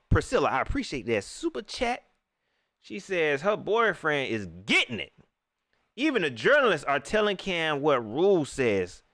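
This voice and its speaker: Animated man ranting about football. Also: on the high side, no echo, clean studio sound. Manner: animated, ranting, reads viewer comments. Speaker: livestream sports commentator. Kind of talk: live post-game rant.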